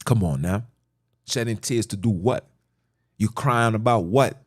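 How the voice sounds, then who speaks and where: A man's voice: on the low side, a little slow, slightly rough. A middle-aged man hosting a podcast, delivering an emphatic, repetitive, lecturing monologue. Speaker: podcast host. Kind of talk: preachy monologue.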